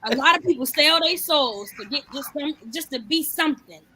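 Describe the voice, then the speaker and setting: A woman's voice: high voice, lively intonation, moderate pace, pushed and bright. A woman, co-hosting a podcast and making emphatic points in casual talk.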